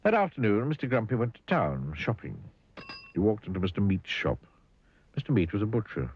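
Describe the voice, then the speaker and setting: Male cartoon narrator, deep voice, wildly expressive pitch, husky, dull lo-fi TV sound. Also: brisk. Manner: expressive, playful storyteller asking the listener questions. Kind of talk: storybook narration for a children's cartoon.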